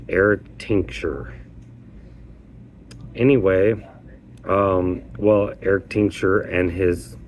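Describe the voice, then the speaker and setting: A man with a very low voice tells his own story casually, with a rambling, halting delivery and frequent restarts. He sounds aggrieved, and there is faint noise behind him. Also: darkish tone. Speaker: petition worker.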